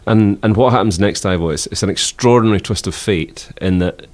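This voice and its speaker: A man's voice: lowish voice, brisk, a little mellow. A man interviewing a guest in a mock-earnest comic radio show, asking earnest, leading questions.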